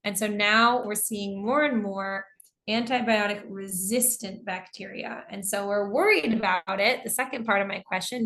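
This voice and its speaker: An American woman teaching an English lesson to a class, with a gravelly, fry-touched voice at a middling pitch. She explains terms patiently, one example after another, and reads out her students' answers as she goes. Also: a bit bright.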